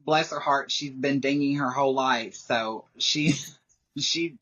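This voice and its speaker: A woman's voice: a bass voice, takes it slowly, fairly bright tone. A woman talks as a podcast guest in a casual, rambling way, filling her sentences with "like" and laughing often. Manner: rambling, heavy use of "like", frequent laughter. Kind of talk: casual interview chat. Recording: dull lo-fi recording.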